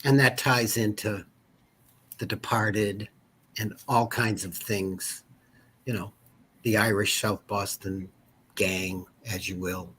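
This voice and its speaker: A man's voice: fairly low pitch, steady tone, slow, pauses often, a bit bright, a little hiss or hum. A man in his fifties, an insurance agent and guest, chatting casually and telling rambling stories full of asides. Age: 50s. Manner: rambling storyteller, many asides. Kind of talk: casual interview chat.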